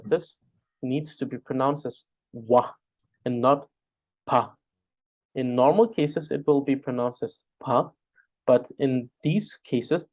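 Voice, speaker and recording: Guy teaching spelling, slow and halting, chants syllables over and over. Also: mid-range voice, darkish tone. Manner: patient, halting, drills syllables aloud. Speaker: Tibetan language teacher.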